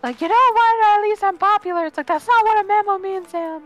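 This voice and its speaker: A woman's voice: very high-pitched, a little fast, faint music behind. A woman chatting casually while playing a game with a friend, answering the teasing with dry, sarcastic comebacks. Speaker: co-player on a gaming stream. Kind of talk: casual gaming chat.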